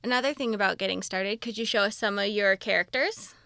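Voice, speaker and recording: A woman's voice: mid-range voice, a little fast, gravelly, bright, forceful tone, no room sound, studio quality. A woman host asking a guest questions in a casual, curious interview.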